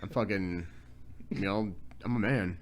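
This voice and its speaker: Laid-back low-voiced young man. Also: measured pace, a little hiss or hum. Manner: laid-back, swears casually. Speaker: podcast co-host. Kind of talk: casual chat.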